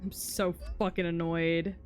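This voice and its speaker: A woman's voice: fairly low pitch, flat delivery, a little slow. A woman streaming a card game, talking casually to chat, swearing and muttering in frustration with sarcastic asides. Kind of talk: casual live-stream chat while playing.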